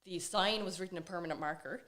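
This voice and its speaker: A woman with a fairly low voice chats as a podcast guest. She tells stories in a loose, rambling way, full of fillers and asides. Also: quick pace, fairly bright tone. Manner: chatty storyteller, many fillers. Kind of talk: casual chat.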